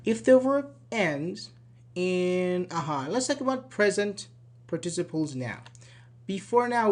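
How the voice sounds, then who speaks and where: A man's voice: high-pitched, a little mellow. A man teaching English spelling rules from slides, with Persian as his first language, repeating word pairs and checking in with "okay" and "uh-huh". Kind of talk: slide-based grammar lesson.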